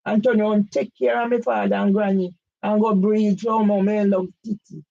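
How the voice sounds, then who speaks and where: A woman's voice: medium pitch, flat delivery, moderate pace, vocal fry, warm tone, lo-fi sound. A woman, giving an emphatic direct-address complaint, firing pointed questions at one man by name. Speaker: campaigner vlogger.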